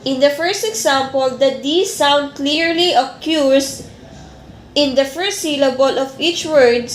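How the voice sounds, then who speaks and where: A woman teacher with a high voice gives a classroom lesson at an unhurried pace. She explains each point step by step and often restarts her words. The recording is echoey, with faint room ambience behind her. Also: slight background noise.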